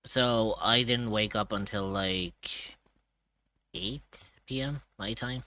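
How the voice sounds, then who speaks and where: A man's voice: on the low side, slow pace, pushed and bright. A man streaming live, chatting casually. He is tired and groggy, and he rambles loosely and swears now and then.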